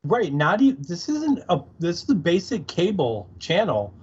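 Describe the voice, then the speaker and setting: Husky man making crude jokes. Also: sits high, wildly swooping pitch, a little slow, darkish tone. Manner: laid-back, crude jokes, lots of agreeing. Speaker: podcast co-host. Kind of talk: casual recap chat. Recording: dull lo-fi sound.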